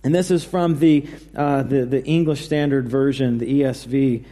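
A male pastor preaching in a relaxed, conversational way, with frequent fillers and restarts. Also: medium pitch, normal speed. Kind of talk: sermon. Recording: reverberant hall.

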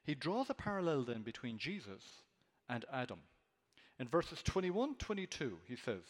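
Earnest male preacher in a reverberant hall. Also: moderate pace. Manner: earnest, emphatic, with animated pitch rises on key words. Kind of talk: expository sermon.

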